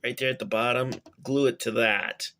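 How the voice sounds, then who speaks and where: A man's voice: mid-range voice, fairly even intonation, normal speed, pushed and bright. A man casually reviewing a toy gun model for his viewers, rambling with frequent fillers and chatty asides to "guys". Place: cramped home workspace.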